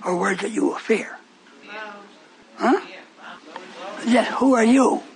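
High-pitched impassioned male preacher. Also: takes it slowly, rough recording. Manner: impassioned, swings from shouting to whispering. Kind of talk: sermon.

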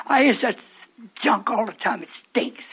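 A man's voice: high voice, slow pace, creaky, fairly bright tone, slightly rough. An older man preaching a fervent, rambling radio sermon to his congregation in a church hall, breaking off into stories.

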